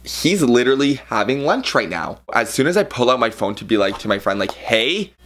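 Fast-talking excited young man storytelling. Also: mid-range voice, a little hiss or hum. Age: 20s. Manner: animated, rambling, with playful slang and swearing. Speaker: vlogger.

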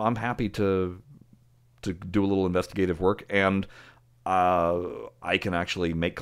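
A man co-hosting a podcast, talking in a low, deep voice. He chats loosely, laughs often and fills the gaps with ums and uhs. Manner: chatty, laughs often, trailing fillers. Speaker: podcast co-host. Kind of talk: casual chat.

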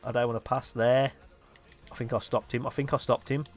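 An excitable young Englishman talks his way through a football video game match he is playing, muttering at one moment and yelling the next. His voice sits at an ordinary middle pitch. Faint music plays quietly behind him. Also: brisk. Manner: excitable, swings between muttering and loud outbursts. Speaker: gaming YouTuber. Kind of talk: live gameplay commentary.

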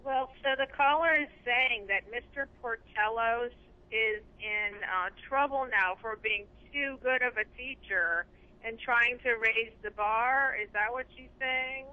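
A woman's voice: fairly high pitch, measured pace, sharp tone, rough recording. A woman co-hosting a call-in radio show, asking a caller to clarify her point. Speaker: radio co-host.

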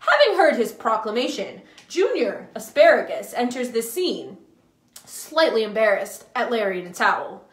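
High-voiced woman telling a story to kids. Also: sing-song, normal speed, reverberant. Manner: enthusiastic, sing-song. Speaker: children's ministry host. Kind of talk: live storytelling for children.

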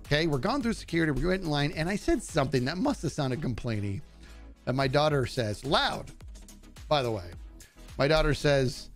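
A man's voice: fairly high pitch, lively intonation, moderate pace, soft background music. A middle-aged man streaming live, telling rambling, self-deprecating stories to his chat in a casual way.

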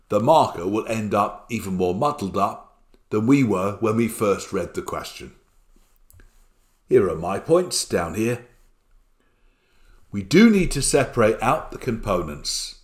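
An older man giving a recorded exam revision lecture in a chatty way, often asking rhetorical tag questions. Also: lowish voice. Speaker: accountancy exam tutor.

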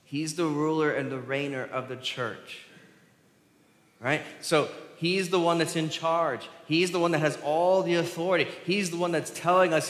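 A man's voice: a little high, a little slow, a bit bright. A male pastor preaching a sermon, asking the congregation questions and answering them. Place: church sanctuary. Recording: roomy church hall with long reverb.

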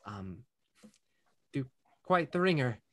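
A man puts on a kindly Irish innkeeper woman who dotes on her guests and calls them love and dear. She talks at an easy, slow pace, with a gentle, hushing manner. It is a tabletop game voice at a mid pitch. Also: sing-song. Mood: helpful. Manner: doting, hushed, calls people love and dear. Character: kindly fussing female innkeeper, middle-aged. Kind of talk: tabletop role-play voicing.

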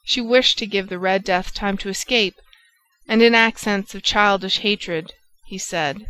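A woman narrating a classic novel as an audiobook reader, in a steady, measured manner. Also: medium pitch, smooth, rough recording.

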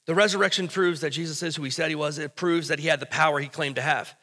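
A man's voice: a little high, steady tone, fast, bright, forceful tone, long reverb tail. A pastor preaching a sermon in a church, talking conversationally and asking his congregation questions, then building to emphatic bursts. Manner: rises to emphatic, urgent bursts. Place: church sanctuary before a congregation.

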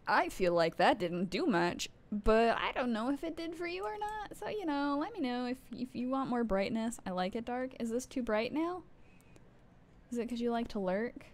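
A woman's voice: fairly high pitch, lively intonation, normal speed, slight background noise. A woman streaming a game live, rambling and poking fun at herself while chatting to her viewers, with sudden startled outbursts. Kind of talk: casual live gameplay commentary.

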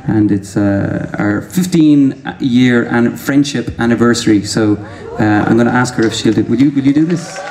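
A man's voice: mid-range voice, normal speed, few pauses, darkish tone. A man with an Irish accent, a singer-songwriter chatting to a live concert crowd and telling a rambling story between songs, chuckling at himself along the way. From Ireland. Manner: rambling, chuckling, self-deprecating chat to the crowd. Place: large outdoor concert venue. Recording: distant echoey audience recording with crowd noise.

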